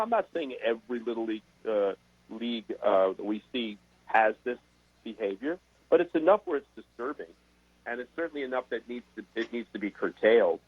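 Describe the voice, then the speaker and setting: Older man, husky voice, animated storyteller, phone-like dry audio. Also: mid-range voice, no echo. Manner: animated anecdote telling with repeated words. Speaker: guest sports broadcaster. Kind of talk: casual interview storytelling. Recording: dry, tinny phone-like sound.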